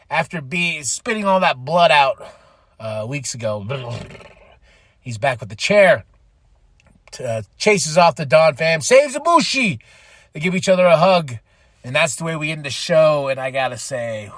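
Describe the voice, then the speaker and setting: A man hosting a podcast, giving an excitable, casual recap of a wrestling show and acting out the wrestlers' lines. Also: on the high side, unhurried, no echo. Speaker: podcast host.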